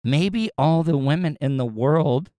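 A man's voice: on the high side, lively intonation, measured pace, mellow, dry recording. A man from the United States rants to his viewers in a rambling, profane monologue, often stammering and repeating words. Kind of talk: ranting monologue.

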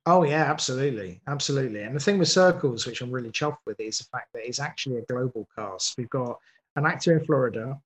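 A man's voice: medium pitch, quick pace, rough recording. A man, a guest producer of audio drama, chatting in an interview and often breaking off to restart his sentences. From England. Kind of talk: podcast interview.

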